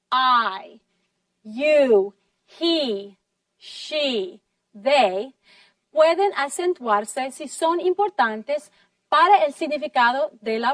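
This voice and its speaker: A woman teaching a class, slowly and clearly modeling sentences and praising her students. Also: sits high, fairly bright tone, no room sound, recorded from a distance. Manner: slow, deliberate, encouraging, models sentences clearly. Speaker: English teacher. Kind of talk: classroom lesson in two languages.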